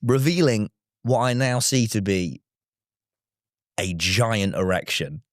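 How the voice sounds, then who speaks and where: A man telling a comic story on a podcast, animated and giggly, with plenty of exaggeration. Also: on the low side, slow, dry recording, clean studio sound.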